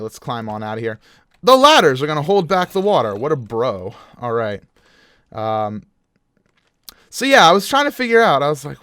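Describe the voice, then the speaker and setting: A man's voice: medium pitch, no echo. A young man hosting a gaming show, casually telling a strange dream while he plays, laughing and full of fillers. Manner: animated, laughing storyteller with frequent fillers. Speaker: gaming video host. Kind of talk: casual storytelling while playing a game.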